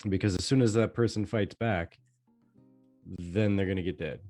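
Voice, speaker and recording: A man co-hosting a casual gaming podcast, telling animated stories at length. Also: sits low, faint music behind. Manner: animated storyteller, drawn-out explanations. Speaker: podcast co-host.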